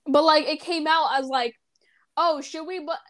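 A teenage girl with a very high voice co-hosts a casual podcast. She sounds nervous, stutters over her words and pads them with fillers. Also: steady tone, moderate pace, a bit bright. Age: teens. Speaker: podcast co-host. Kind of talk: casual chat.

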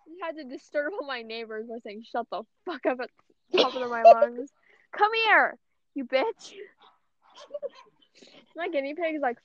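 A woman's voice: high-pitched, animated, moderate pace, pauses often, dry recording. Young woman swearing through a rambling chat. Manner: rambling, swears a lot, says "like" constantly. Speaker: podcast co-host. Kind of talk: casual chat. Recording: dull, lo-fi audio.

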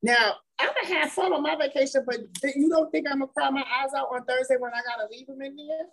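A woman's voice: high voice, quick pace, fairly bright tone, low-quality recording. A woman speaking candidly and emphatically as the wife of an incarcerated man, repeating words and laughing as she talks. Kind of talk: candid conversational testimony.

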